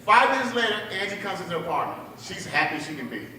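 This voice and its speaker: A man's voice: high-pitched, sing-song, quick pace, pushed and bright. A man telling a stand-up story at a bar open mic, acting out his family members' voices, with audience laughter behind him. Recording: echoey bar room, mic heard from a distance.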